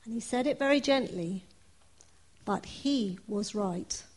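A woman's voice: medium pitch, takes it slowly. A woman preaching a sermon, reading scripture and then telling her own story in an earnest, personal way. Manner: earnest, personal, with soft laughs.

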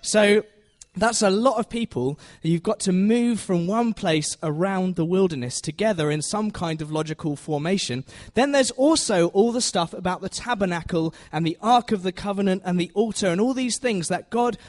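A man's voice: high-pitched, normal speed, few pauses, a little mellow. A man giving a chatty, self-deprecating Bible teaching in a church, often asking the audience questions. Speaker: preacher.

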